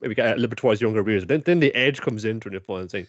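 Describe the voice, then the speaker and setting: A man co-hosting an anime podcast, animated and jokey in casual chat. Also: fairly low pitch, fast talker, no echo, lo-fi sound. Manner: animated, jokey, puts on voices. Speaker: podcast co-host.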